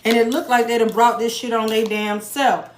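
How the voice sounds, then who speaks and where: A woman's voice: fairly high pitch, steady tone, normal speed. A woman giving a casual tarot reading to her viewers, blunt and profane, with joking asides. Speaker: tarot reader. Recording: echoey room with faint noise.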